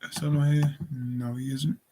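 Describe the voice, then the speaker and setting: A man co-hosting a live stream in casual talk, calling out to a missing co-host and spelling out a link slowly. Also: mid-range voice, little pitch movement, mellow, slight background noise. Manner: calls out repeatedly, spells slowly. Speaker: livestream co-host.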